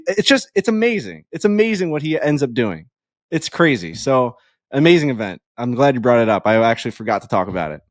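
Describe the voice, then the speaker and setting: Excitable man telling a story, dry mic. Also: on the high side, no room sound. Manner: excitable storyteller, swears freely. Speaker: podcast co-host. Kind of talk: casual chat.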